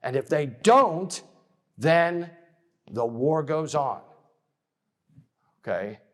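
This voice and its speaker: High-voiced man giving a conversational lecture. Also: expressive, very slow. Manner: conversational, checks in with frequent "okay?"; restarts and repeats words while building a point. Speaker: military studies lecturer and author. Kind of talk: conference lecture.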